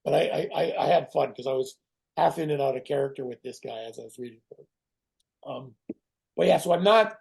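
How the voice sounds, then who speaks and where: A middle-aged man, a guest actor in a casual interview who tells animated stories, swears and acts out other people's voices. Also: high-pitched, creaky, breathy edge. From Canada.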